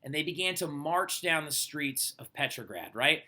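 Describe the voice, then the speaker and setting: Guy teaching history, super chatty, keeps saying "right?", fairly high bright voice. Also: moderate pace. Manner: chatty, animated, lots of "like" and "right?", acts out quotes. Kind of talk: casual recorded history lesson.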